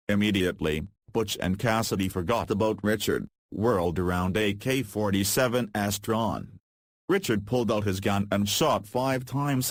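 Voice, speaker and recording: A man reading a fan-fiction story aloud in a flat, deadpan manner. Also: lowish voice, no room sound.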